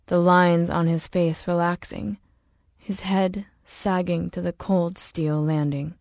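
A woman reading an audiobook in slow, measured, dramatic narration. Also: lowish voice, flat delivery, a little mellow, no echo, studio quality. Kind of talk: scripted narration.

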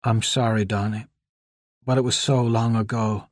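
A man reading an audiobook, voicing a frail, shivering young woman with a small, quiet voice. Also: on the low side, flat delivery, moderate pace, no echo, studio quality, close to an everyday voice. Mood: pleading. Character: weak, frightened, cold young woman.

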